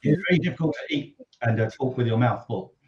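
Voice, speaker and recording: Lively English man on a lo-fi call. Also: mid-range voice, fast. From England. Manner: enthusiastic, expressive, talks while eating. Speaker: live-stream cooking co-host. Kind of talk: casual live-stream chat.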